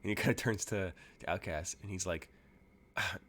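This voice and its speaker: A man's voice: sits low, fairly quick, a bit bright. A man narrating as game master in a tabletop game, casual and full of fillers.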